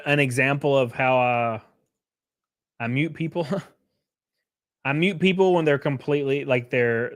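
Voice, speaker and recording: Higher-voiced man ranting on a livestream. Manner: profane, rambling, chuckling often; swings between loud bursts and quiet mutters. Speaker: streamer hosting his own show. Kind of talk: casual livestream rant.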